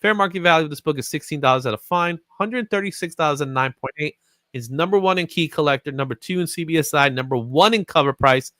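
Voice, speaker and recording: A man's voice: a little high, quick pace, pushed and bright, dry recording. A man hosting a comics market show, chatting casually and laughing often. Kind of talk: casual chat.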